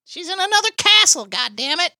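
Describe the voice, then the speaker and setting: A woman's voice: very high voice, very animated, fairly quick, pushed and bright, no echo, clean studio sound, exaggerated voice. A woman doing a tiny mushroom man. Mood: deadpan. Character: small mushroom man attendant, blunt. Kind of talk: improvised podcast parody.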